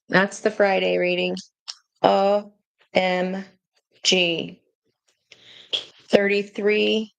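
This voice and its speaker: A woman giving a casual tarot reading to her viewers, chatty and excitable, breaking into gushing exclamations. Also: medium pitch, vocal fry, dry recording. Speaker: tarot reader.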